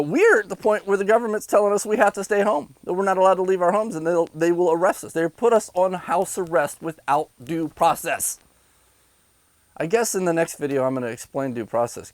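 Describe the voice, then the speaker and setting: A man's voice: on the high side, a little fast, no echo, poor audio. A man delivering an angry, sarcastic rant to his viewers, insulting them between bitter laughs. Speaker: vlogger. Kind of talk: angry ranting monologue.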